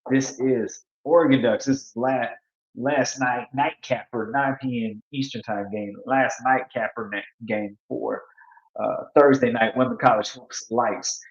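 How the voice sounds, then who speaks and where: A man's voice: medium pitch, steady tone, unhurried. Guy hosting a sports picks show, loose and playful, kinda echoey and muffled sound. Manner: loose, playful, repeats words and trails off. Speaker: sports talk show host. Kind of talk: casual live sports chat, reading viewer picks.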